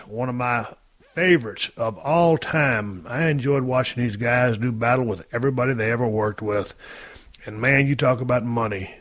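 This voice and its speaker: A middle-aged man with a drawl hosts his podcast in a relaxed, rambling manner and swears casually as he goes. His voice sits at an ordinary pitch, and the close mic leaves almost no room sound. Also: dry recording. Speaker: podcast host. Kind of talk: casual podcast talk and ad reads.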